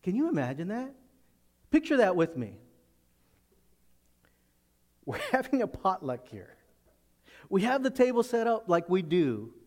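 A man preaching a sermon as pastor in a church, animated and laughing as he acts out the people he talks about. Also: high voice, unhurried, pauses often, big-room sound. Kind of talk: expository sermon.

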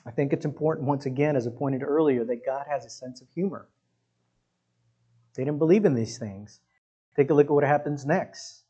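A man's voice: medium pitch, normal speed, warm tone, breathy edge, lo-fi sound. A man preaching a sermon in an emphatic, conversational way, talking directly to his congregation. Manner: emphatic, conversational, often says "listen" and "guys". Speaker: pastor.

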